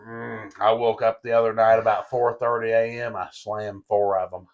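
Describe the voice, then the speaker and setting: A man's voice: fairly low pitch, little pitch movement, normal speed, lo-fi sound. A young man co-hosting a podcast in casual chat, laid-back, laughing often and swearing casually. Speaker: podcast co-host.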